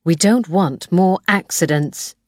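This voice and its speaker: A woman's voice: lowish voice, slow pace, no echo, studio quality. Woman reading a reproachful young woman. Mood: quiet. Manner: clipped, reproachful.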